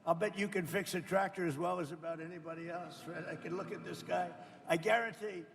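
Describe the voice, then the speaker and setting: Older man in his seventies with a rather high voice and a gravelly edge, speaking off the cuff and rambling. His talk is boastful and repetitive, full of asides to the audience. The sound rings with the long reverb of a hall. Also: steady tone, a little fast, a bit bright. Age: 70s. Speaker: politician speaking at a roundtable. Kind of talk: off-the-cuff public speech. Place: event room with people around a table.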